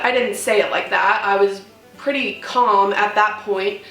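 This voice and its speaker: A woman's voice: medium pitch, normal speed, far from the mic. A woman vlogger telling a story as a rant, swearing freely and acting out her own comebacks. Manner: profane, animated, acting out her own retorts. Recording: roomy room, off-mic, faint music.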